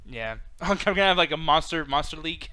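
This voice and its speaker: A man's voice: on the high side, expressive, a little fast, bright, forceful tone. A man co-hosting a podcast, chatting casually with a joking, profane manner. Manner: profane, joking, puts on silly voices. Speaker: podcast co-host. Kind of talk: casual banter.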